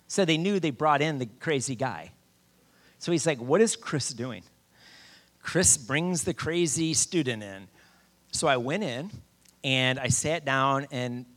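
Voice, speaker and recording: A middle-aged man preaching a sermon, telling his own story with lively quoted voices. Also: medium pitch. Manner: animated storyteller, shouts quoted lines. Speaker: campus minister preaching. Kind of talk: sermon with personal testimony.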